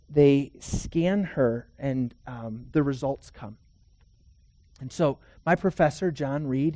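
A man's voice: on the high side, no room sound. Earnest preacher man, dry close sound. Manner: earnest storytelling with emphatic rises and hushed drops. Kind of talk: sermon.

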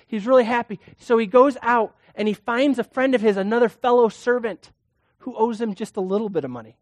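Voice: medium pitch, brisk, no room sound. A preacher giving a sermon in a conversational way, full of rhetorical questions and acted-out quotes.

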